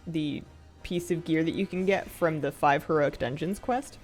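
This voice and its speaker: A woman's voice: sits low, moderate pace, faint music behind. A woman streaming a game live, chatting casually with her viewers in a self-mocking, grumpy, joking way and laughing often. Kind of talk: casual live-stream chat while gaming.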